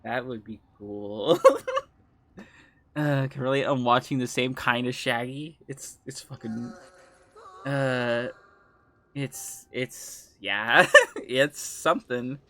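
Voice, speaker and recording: A woman with a bass voice speaks slowly with long pauses, her tone fairly bright and the recording echo-free. She's streaming a game, reading chat and talking casually with viewers, laughing often and swearing freely.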